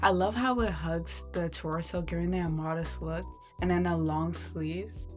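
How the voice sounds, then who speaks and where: A woman's voice: lowish voice, fairly even intonation, moderate pace, soft background music. A young woman narrating a crochet tutorial in a casual, playful way, talking to viewers as "y'all" and laughing at her own struggles. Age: young adult. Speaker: crochet vlogger.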